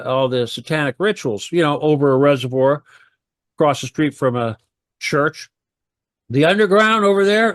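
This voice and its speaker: A man's voice: a little high, dry recording, studio quality. A man talking on a radio talk show, rambling and heated, firing off rhetorical questions.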